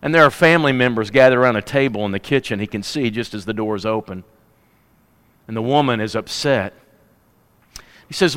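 A man's voice: medium pitch, fairly quick, long pauses, fairly bright tone, clear, resonant tone, in a large hall. A man preaching, telling a story in a vivid, conversational way. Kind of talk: dramatic sermon storytelling.

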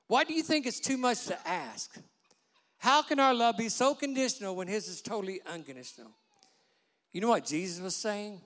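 A man preaching a sermon with passion, dropping to a hush for quoted words. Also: high voice. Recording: long hall reverb.

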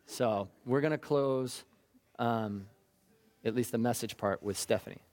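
A man's voice: mid-range voice, a little slow, a little mellow. A man preaching a sermon as pastor, fervent and emphatic.

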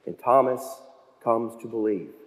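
A male pastor preaching a sermon, telling stories and slowing down to stress key phrases. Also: mid-range voice. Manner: storytelling, with slow emphatic phrases. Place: church sanctuary. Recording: long church reverb.

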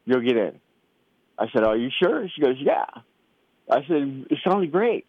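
A middle-aged father telling a family story in a casual, animated way, acting out the voices he quotes. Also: mid-range voice, unhurried, no room sound, phone-quality sound. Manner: animated, acts out quoted voices, many restarts.

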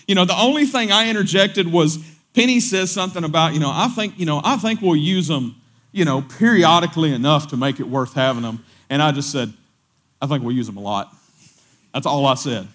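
Chatty pastor, slightly high voice. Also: male voice. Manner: conversational, repeats words, quotes others in animated voices. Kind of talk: storytelling sermon.

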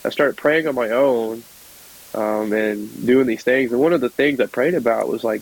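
A man's voice: mid-range voice, moderate pace, gravelly, low-quality recording. Young southern guy on a podcast, chatty, laughs a lot, telling a story. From South Georgia, United States. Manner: chatty, laughs often, acts out voices in his stories. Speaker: podcast guest. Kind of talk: casual storytelling.

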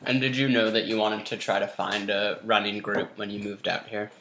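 A man hosting a podcast interview, asking halting questions with repeated words. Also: fairly low pitch, flat delivery, sharp tone, slight background noise. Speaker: podcast host.

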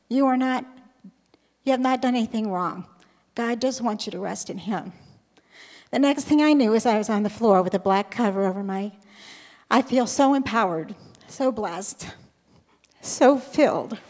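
A woman's voice: fairly high pitch, normal speed, darkish tone. A woman nervously reading her own testimony aloud in a church, with some hesitation. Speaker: church member giving a testimony. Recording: long hall reverb.

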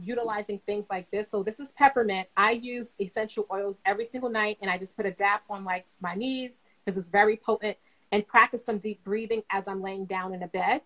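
Relaxed woman giving casual advice. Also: medium pitch, normal speed, rough recording. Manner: relaxed, conversational, many fillers. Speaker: guest therapist.

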